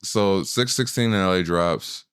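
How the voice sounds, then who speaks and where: A man's voice: deep voice, a little slow, fairly bright tone, clear, resonant tone, no room sound, clean studio sound. A man co-hosting a podcast in casual chat. He tells stories with animation, acts out quotes, and swears freely. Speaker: podcast co-host.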